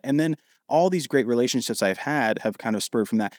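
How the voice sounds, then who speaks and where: Podcast guest, man in his thirties from Ohio; quick, animated storyteller, dry recording. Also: mid-range voice, dry recording. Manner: animated, acts out quoted dialogue.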